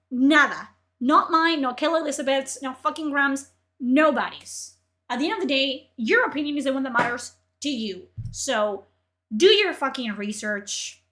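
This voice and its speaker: A woman streamer ranting in profane, exasperated commentary, her voice strained from yelling. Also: a little high.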